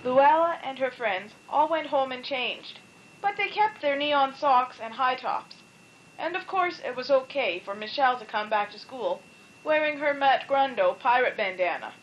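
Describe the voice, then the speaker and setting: High-voiced woman reading a storybook. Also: expressive, moderate pace, muffled recording, slight background noise. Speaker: storybook reader. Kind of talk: reading a children's story aloud.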